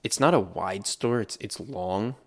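Low-voiced laid-back podcast guy. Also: measured pace. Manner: laid-back storytelling with filler words. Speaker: podcast co-host. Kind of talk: casual chat. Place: New York City area.

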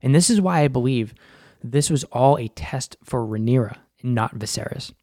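A man's voice: medium pitch, animated, moderate pace, a little mellow, no echo, clean studio sound. A young man giving a casual, profane breakdown of a TV episode, full of filler words. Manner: laid-back and profane, full of "like". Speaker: film and TV recap host.

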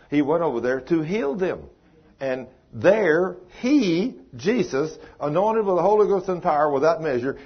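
An older man with a drawl delivers a folksy sermon. His voice is a bit husky and leaps up on emphatic lines. The recording sounds dull and lo-fi. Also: a little high. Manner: folksy, emphatic preaching with rising exclamations. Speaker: preacher. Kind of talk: sermon teaching.

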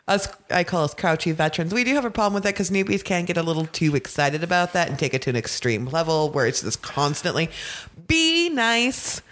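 A woman's voice: medium pitch, a bit bright. A woman in a casual podcast chat, speaking bluntly with plenty of swearing. She laughs easily and keeps explaining in a loose, unscripted way. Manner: blunt, profane, laughs often. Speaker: guest, festival veteran.

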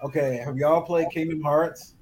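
A man co-hosting a casual roundtable podcast, giving quick, exasperated rundowns. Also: a little high, steady tone, darkish tone. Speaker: podcast co-host.

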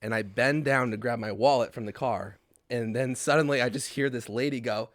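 A man's voice: medium pitch, a little fast, dry recording, studio quality. A young man co-hosting a podcast, telling a story in a casual, swearing, laugh-filled way. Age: young adult. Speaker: podcast co-host. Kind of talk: casual chat.

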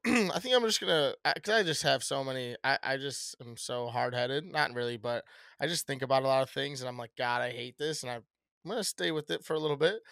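A thirty-year-old man co-hosting a podcast, rambling and swearing freely in laid-back chat. His voice sits a little high, with a bright, forceful edge, recorded dry and close. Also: creaky, dry recording. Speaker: podcast co-host. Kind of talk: casual chat.

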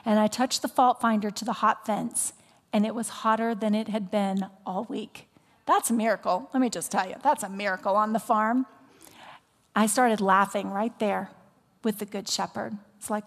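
A woman's voice: medium pitch, normal speed. Woman pastor preaching in a reverberant hall. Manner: animated storytelling, dropping to soft whispered appeals. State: recovering from voice loss. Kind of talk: sermon.

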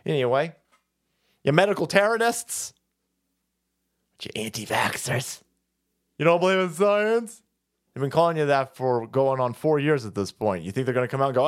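A man's voice: medium pitch, expressive, moderate pace, long pauses. A man in his forties hosting a livestream, delivering a profane, mocking comedic rant and laughing often. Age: 40s. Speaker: livestream host.

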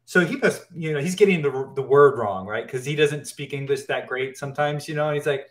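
An animator guest in an interview talks casually and eagerly, often repeating and restarting his words as he gets carried away. His voice is a little high, and he speaks a little fast with hardly any pauses.

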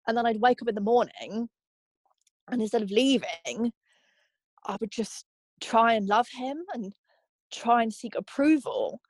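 Candid young woman, halting testimony. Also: a little high, animated, no room sound. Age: young adult. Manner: candid, halting, many "like" fillers. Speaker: interviewee. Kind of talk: personal testimony.

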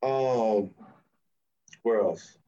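A man co-hosting a TV review podcast, talking casually in an animated, mocking way and laughing often. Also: fairly low pitch, extremely slow, muffled recording. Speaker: podcast co-host reviewing a TV episode.

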